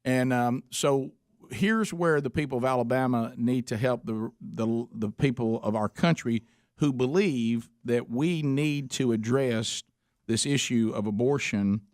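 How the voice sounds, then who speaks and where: Earnest radio host, dry studio. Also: male voice, mid-range voice, darkish tone, no room sound. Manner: earnest, halting, many restarts. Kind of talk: casual talk radio chat. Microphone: studio microphone.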